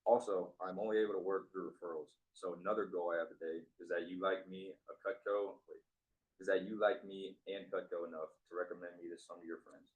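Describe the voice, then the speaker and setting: Casting: low-voiced male trainee, stiff rehearsed sales pitch. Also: flat delivery, a little fast, phone-quality sound. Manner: reads a memorized script, a little stiff.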